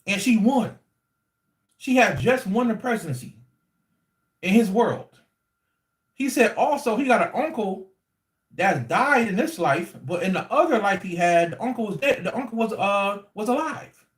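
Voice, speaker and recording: A man telling a story casually to his livestream audience in an animated, slangy, repetitive way. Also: high voice. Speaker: livestream host. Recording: echoey room.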